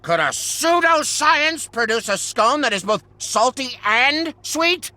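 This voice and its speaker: A man's voice: very high-pitched, expressive, slow pace, sharp tone, heavily acted. An actor playing a pompous, busy male alchemist shopkeeper in a video game, haughty and theatrical. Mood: indignant.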